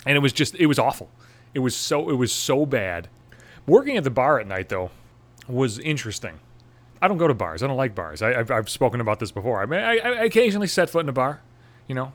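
A young man, a podcast host, telling a crude story in a sarcastic, swear-filled monologue. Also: medium pitch.

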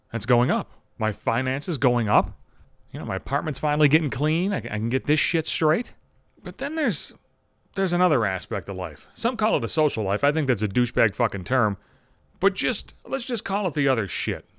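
A man hosting his own podcast, telling rambling comedic stories, profane and animated. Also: medium pitch, normal speed, no room sound. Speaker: podcast host. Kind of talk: comedic storytelling monologue.

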